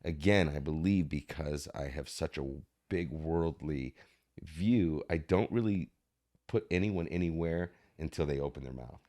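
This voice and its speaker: This actor, a podcast guest, has a bass voice with a darkish tone and takes his time speaking. Reflective in mood, he narrates stories and performs the quoted lines of the people in them.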